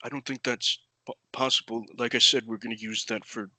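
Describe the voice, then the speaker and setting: A man playing a tabletop game, talking slowly and laughing often. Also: mid-range voice, no echo. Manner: laughing, slow, animated player talk. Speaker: player.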